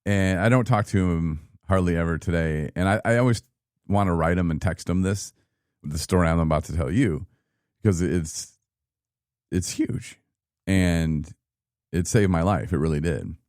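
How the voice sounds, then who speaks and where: A man in his thirties from Michigan, telling his own story in a casual, animated podcast chat and acting out what people said. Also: deep voice, moderate pace, dry recording, studio quality. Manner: animated, laughing, acts out quoted people. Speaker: podcast guest.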